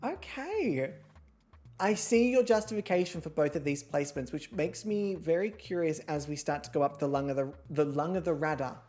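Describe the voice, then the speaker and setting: A woman's voice: deep voice, animated, normal speed, warm tone, soft background music. A woman hosting a casual online chat, playful and teasing, full of puns. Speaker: host. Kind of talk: casual chat on a video call.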